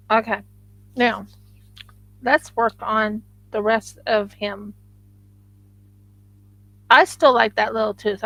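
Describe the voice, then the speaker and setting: A woman's voice: on the high side, fairly bright tone, dry recording, rough recording. A woman live-streaming her craft work, chatting casually and thinking aloud to viewers as she sculpts.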